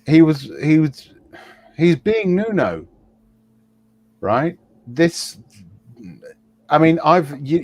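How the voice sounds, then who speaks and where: A man on a podcast panel giving earnest football analysis, lecturing and checking in with his listeners. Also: medium pitch.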